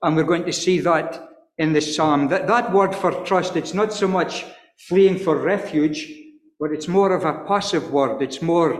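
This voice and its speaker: A man preaching an earnest expository sermon, stumbling and repeating words, and reading scripture slowly in old-fashioned wording. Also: on the high side. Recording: echoey hall with long reverb.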